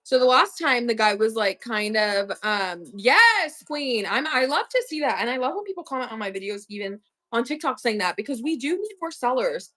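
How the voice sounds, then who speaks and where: Young woman, casual livestream chat, slangy and chatty, slightly high voice, talks to viewers. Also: animated, moderate pace, hardly any pauses, pushed and bright. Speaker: online reseller hosting a livestream.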